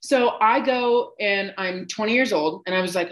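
A woman's voice: medium pitch, normal speed. Laughing, foul-mouthed young woman storyteller. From Colorado, United States. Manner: profane, laughing, animated storyteller. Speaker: guest. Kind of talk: casual storytelling on a podcast.

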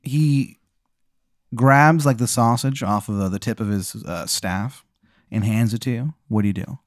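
A man's voice: mid-range voice, measured pace, no room sound, studio quality. A man improvising a story as game master, rambling with many fillers.

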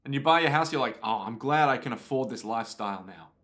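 A man co-hosting a podcast, joking and swearing freely in animated, casual chat. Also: mid-range voice, fast talker. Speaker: podcast co-host. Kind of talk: casual chat recapping an anime.

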